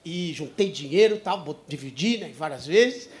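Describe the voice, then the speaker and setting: Fast-talking Brazilian stand-up comic, man. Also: on the high side, lively intonation. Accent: Brazilian Portuguese. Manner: loud, rapid, profane storytelling. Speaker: stand-up comedian. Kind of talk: stand-up storytelling.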